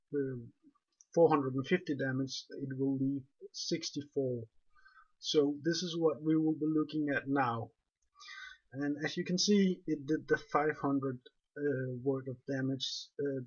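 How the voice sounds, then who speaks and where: A man with a non-native English accent, calmly explaining a game walkthrough step by step. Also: medium pitch, slightly rough. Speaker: game guide narrator. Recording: dull lo-fi recording.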